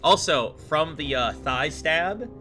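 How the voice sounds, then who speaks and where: A man running a tabletop game on a live stream, narrating scenes with animated, laughing delivery. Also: on the high side, takes it slowly, music in the background. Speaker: game master.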